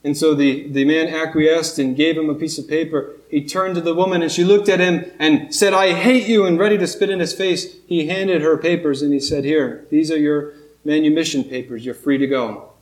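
Male preacher, earnest and emphatic, slow pauses, somewhat higher voice, roomy sanctuary sound. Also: steady tone. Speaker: pastor. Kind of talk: sermon. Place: church sanctuary. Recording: echoey church room.

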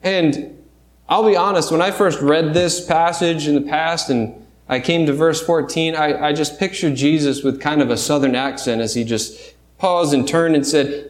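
A man preaching a sermon in a church sanctuary, his voice sitting a little high for a man. He talks through scripture in a conversational way, breaking off and restarting, and asks the congregation rhetorical questions. The room is echoey. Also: moderate pace. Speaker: pastor.

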